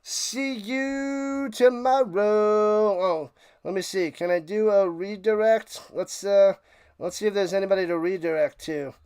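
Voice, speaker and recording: A man hosting a sports live stream, chatting excitedly and a bit out of breath as he signs off to his viewers. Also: sits high, moderate pace, smooth. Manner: excited, rambling, talks to chat viewers. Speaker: sports livestream host. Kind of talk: casual live-stream sign-off chat.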